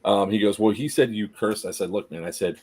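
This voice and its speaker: Husky man telling a story. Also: fairly low pitch, a little fast. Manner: animated anecdote teller, laughs through his story. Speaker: podcast host. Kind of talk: casual storytelling.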